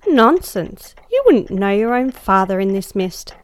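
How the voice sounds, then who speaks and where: A woman voicing a lively young American woman who laughs off trouble and dismisses worries. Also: mid-range voice, measured pace. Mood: breezy. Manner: breezy and dismissive.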